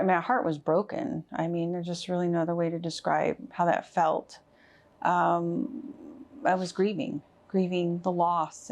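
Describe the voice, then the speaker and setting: Middle-aged woman telling her story, kinda low voice, lots of ums and restarts. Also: gravelly, a little mellow. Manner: halting, many fillers and restarts. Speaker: interviewee, wife of a covid patient. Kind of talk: personal testimony.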